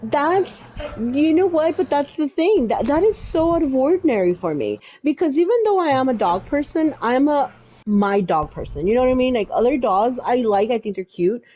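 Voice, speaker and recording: A woman's voice: high voice, animated, normal speed. A woman co-hosting a podcast, telling a long casual story full of fillers and restarts. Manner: rambling, lots of fillers and restarts. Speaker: podcast co-host. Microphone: home mic with audio issues. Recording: dull lo-fi audio.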